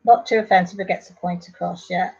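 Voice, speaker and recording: A woman's voice: lowish voice, steady tone, a little fast, gravelly, darkish tone, slightly rough, highs cut off. An English woman hosting a casual live stream, chatting and reading out viewer comments in a rambling, affectionate way.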